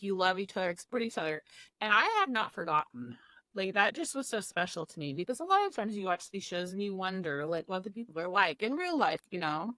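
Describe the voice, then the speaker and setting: A woman's voice: medium pitch, fairly bright tone, no echo. A young woman from the Midwest talks through her memories in a loose, earnest way, her sentences full of "like" and "you know". Her voice is recorded close and dry, with no room around it. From Midwest of the United States. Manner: chatty, heavy use of "like", earnest. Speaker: guest, former cooking show contestant. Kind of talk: casual interview chat.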